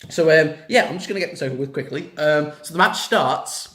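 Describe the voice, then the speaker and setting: A young man ranting casually about a wrestling show in a reaction vlog, excitable and swearing freely. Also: fairly high pitch, fairly quick. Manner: excitable, swears a lot, rants. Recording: echoey room.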